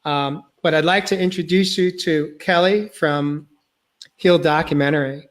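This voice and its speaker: A male podcast host sharing a personal testimony, earnest and halting, choked up and near tears. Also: fairly high pitch, steady tone.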